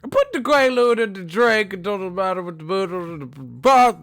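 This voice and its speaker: A man doing an impression of an older male comedian, talking slowly and drawn out, posing as tough. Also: sits high, big pitch swings, fairly bright tone, faint music behind, voice pushed up, exaggerated voice. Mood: smug. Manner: slow, drawn-out, mock-tough.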